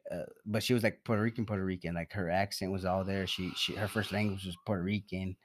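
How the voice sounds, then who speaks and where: A man's voice: sits low, steady tone, fast. A young man chatting casually on a podcast, rambling and swearing, often trailing off and laughing between thoughts. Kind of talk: casual chat.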